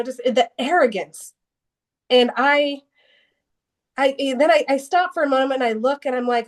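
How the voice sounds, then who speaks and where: Earnest woman sharing her faith story. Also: a little high. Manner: earnest and emotional, with many restarts and bursts of laughter. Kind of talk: personal testimony in an interview.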